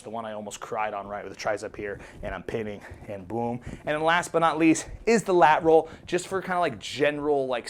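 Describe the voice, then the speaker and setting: A man coaching viewers through foam roller techniques, upbeat and chatty, joking and checking in with "okay?" as he demonstrates. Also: mid-range voice. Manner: upbeat, chatty, jokey, says okay often. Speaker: fitness coach. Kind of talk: casual instructional demo.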